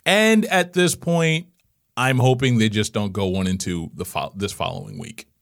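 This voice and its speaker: A man's voice: lowish voice, moderate pace, vocal fry. A man co-hosting a casual sports podcast, speaking in a laid-back, plainspoken way. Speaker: podcast co-host.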